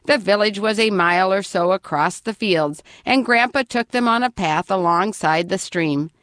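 A woman narrating a children's storybook in an expressive, lively reading voice. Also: mid-range voice, moderate pace, no echo, studio quality.

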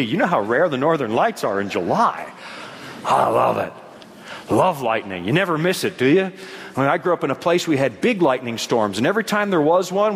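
Animated preacher with a high, lively voice. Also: male voice, big-room sound. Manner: animated, swinging from quiet asides to shouts. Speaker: pastor. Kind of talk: sermon.

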